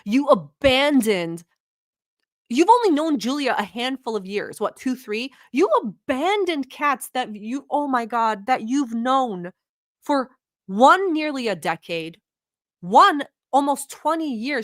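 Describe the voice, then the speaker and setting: A woman from the Middle East, not a native English speaker, hosting a vlog with blunt, profane and animated reaction commentary. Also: sits high, slow pace, no echo, studio quality. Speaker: vlog host.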